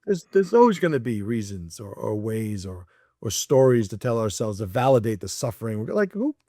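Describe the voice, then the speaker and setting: A man's voice: fairly low pitch, expressive, fairly quick, dark tone, dry recording, clean studio sound. A man speaking as a podcast guest in a casual chat, blunt and profane, laughing between points and acting out people he quotes.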